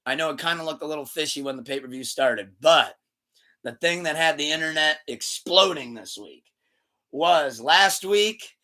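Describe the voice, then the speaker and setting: Male podcast host, tense bright tone, animated retelling, casual and profane. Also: on the high side, normal speed. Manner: loose, rambling, swears freely; animated retelling with acted-out quotes. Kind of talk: casual chat.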